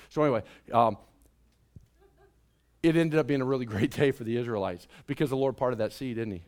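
A man preaching a sermon as pastor, animated and drawing the congregation into call and response. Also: medium pitch, quick pace. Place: church sanctuary.

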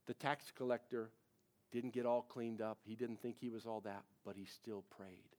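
A man's voice: lowish voice, steady tone, normal speed, a little mellow. A man in his forties, a pastor, preaching a sermon in a casual, conversational way, with frequent asides to the congregation.

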